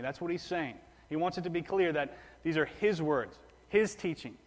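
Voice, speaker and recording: A male pastor preaching a sermon in a relaxed, conversational way, often repeating and restarting phrases. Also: fairly high pitch, normal speed, in a large hall.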